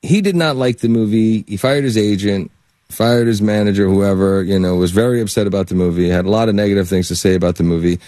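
A man, an actor guest, telling anecdotes in an interview, animated and often breaking into laughter. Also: lowish voice, fast, dry recording, clean studio sound. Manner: animated storyteller, laughs and acts out quotes.

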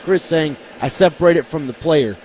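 Relaxed male radio co-host. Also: a little high, normal speed. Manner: relaxed, reads promos. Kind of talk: casual sports radio chat. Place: busy lounge.

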